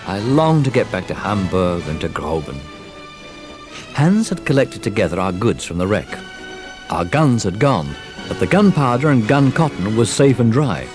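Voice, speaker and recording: A man narrating a children's storybook recording in a lively, expressive telling. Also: fairly low pitch, normal speed. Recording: old storybook record with music.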